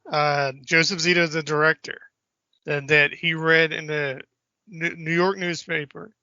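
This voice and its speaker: A man co-hosting a podcast in casual chat, animated and acting out film lines. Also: dry recording. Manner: animated, acts out movie lines in a high voice. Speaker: podcast co-host. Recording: dull lo-fi podcast audio.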